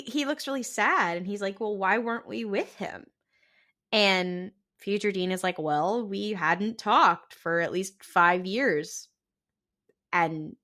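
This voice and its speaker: Podcast co-host, female, bright tone, unhurried animated storytelling with quoted lines. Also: mid-range voice. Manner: animated retelling with quoted dialogue and frequent laughs. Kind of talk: casual recap chat.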